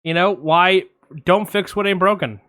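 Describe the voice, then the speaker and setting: A young man co-hosting a casual film podcast, joking and boastful, talking in quick bursts with fillers. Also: sits high, sharp tone, no echo. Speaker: podcast co-host.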